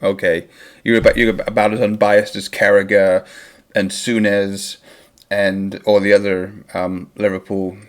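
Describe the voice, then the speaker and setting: Host, male, low voice, opinionated and rambling, loose live-stream chat. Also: flat delivery, unhurried. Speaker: host of a football watchalong stream.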